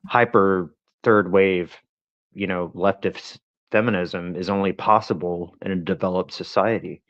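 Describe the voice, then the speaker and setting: A man's voice: low-pitched, steady tone, measured pace. A man co-hosting a casual livestream, dry and laughing along with the host. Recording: dull lo-fi sound.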